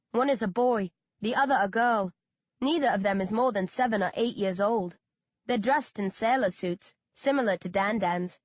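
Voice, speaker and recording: A woman narrating an audiobook in the first person with a steady, measured reading. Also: medium pitch, dry recording, dull audio.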